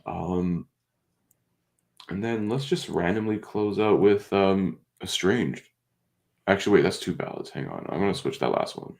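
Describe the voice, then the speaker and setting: A man's voice: sits low, unhurried, vocal fry, a little mellow. A man co-hosting a podcast in easygoing casual chat, laughing often. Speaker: podcast co-host.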